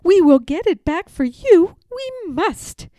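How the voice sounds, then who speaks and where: A woman voicing a brave, sensible little schoolgirl in a high, matter-of-fact voice. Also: sing-song, slow, warm tone, dry recording, exaggerated voice. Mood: determined.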